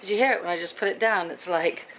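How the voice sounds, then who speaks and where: A woman's voice: on the low side, fast, background noise. A middle-aged British woman vlogging in a casual, chatty way, telling stories and acting out both sides of each conversation, sounding tired. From Britain. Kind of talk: casual chat to camera.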